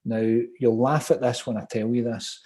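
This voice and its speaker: A man's voice: mid-range voice, flat delivery, moderate pace, mellow. A man from Glasgow with a strong Glaswegian Scottish accent, leading an online property training session in a chatty, upbeat way and reading out viewer comments. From Scotland, Glasgow.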